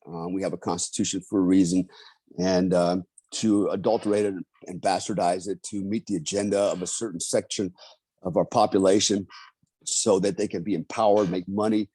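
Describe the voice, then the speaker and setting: Low, mellow-voiced emphatic man. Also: husky, no room sound. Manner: emphatic and ranting, often ending phrases with "man". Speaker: podcast guest, author and Army veteran. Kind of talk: casual conversation and storytelling.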